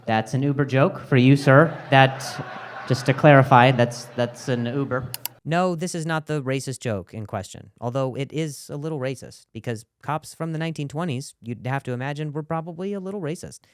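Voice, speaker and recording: A man's voice: mid-range voice, normal speed. A young man with a stutter doing a stand-up set, sarcastic and self-deprecating while working the crowd. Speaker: stand-up comedian. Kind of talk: stand-up set with narrated commentary.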